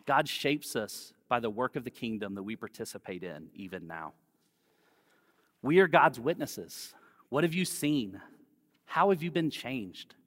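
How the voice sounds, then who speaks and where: Man, pastor, conversational sermon, gentle storytelling, mid pitch, long church reverb. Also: expressive, a little slow. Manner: conversational, gentle, personal stories.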